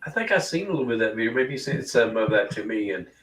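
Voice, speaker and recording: Man, middle-pitched voice, quick chatty remarks, distant from mic, echoey room. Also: expressive, a bit bright. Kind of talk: casual chat.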